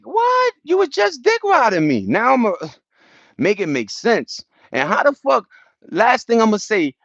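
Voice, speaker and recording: A man's voice: sits high, creaky, dry recording, dull audio. A man ranting casually on a livestream outdoors, talking to his chat in profane street slang and acting out what other people say. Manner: animated, profane street slang, acts out quotes. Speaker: livestream host.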